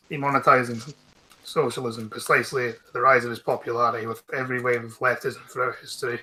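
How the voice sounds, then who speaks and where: A man's voice: mid-range voice, little pitch movement, brisk, bright, forceful tone, slight background noise, low-quality recording. A Scottish man hosting a casual stream, reading news out and mocking it with blunt, sarcastic swearing.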